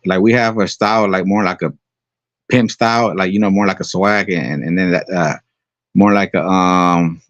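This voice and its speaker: A man's voice: low-pitched, steady tone, normal speed, no room sound. A man from the Bay Area with Bay Area slang, talking in a laid-back, slangy casual chat. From Bay Area, California. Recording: dry, lo-fi audio.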